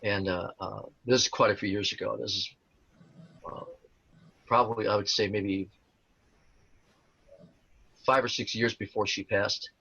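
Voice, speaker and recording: Older guy rambling through stories, lots of uhs, lowish voice, kinda muffled recording. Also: fairly even intonation, measured pace, vocal fry, pauses often, bright, forceful tone, slightly rough, dry recording. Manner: rambling, many fillers and restarts. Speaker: interview guest, tribute performer. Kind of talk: casual storytelling interview. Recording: dull lo-fi sound.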